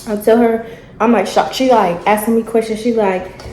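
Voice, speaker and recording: A woman's voice: fairly high pitch, moderate pace, a little hiss or hum. Chatty young woman in an echoey room. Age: young adult. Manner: animated, chatty, acts out dialogue. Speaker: vlogger. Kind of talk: casual storytelling while eating.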